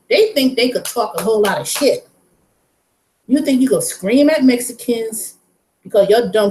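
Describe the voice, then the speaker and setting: Animated woman telling a story. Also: mid-range voice, rough recording. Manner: animated and outspoken, with vivid quoted dialogue. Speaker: vlogger. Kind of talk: casual storytelling.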